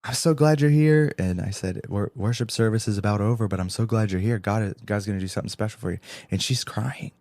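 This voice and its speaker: A man's voice: fairly low pitch, fairly even intonation, quick pace, hardly any pauses, a little mellow, no echo, clean studio sound. A young man co-hosting a podcast, telling an earnest faith story with lots of quoted dialogue. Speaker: podcast co-host. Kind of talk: storytelling testimony.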